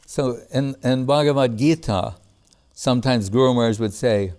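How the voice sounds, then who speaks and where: A man's voice: mid-range voice, moderate pace, pauses often. Laid-back man giving a spiritual talk. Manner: relaxed and conversational, with frequent "like" and "you know"; chuckles often while speaking. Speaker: spiritual teacher.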